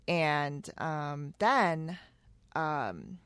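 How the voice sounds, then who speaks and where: A woman's voice: deep voice, very animated, drawn-out words, fairly bright tone, clear, resonant tone, no room sound. A woman hosting a casual interview, enthusiastic and chatty, often saying "um" and "yeah".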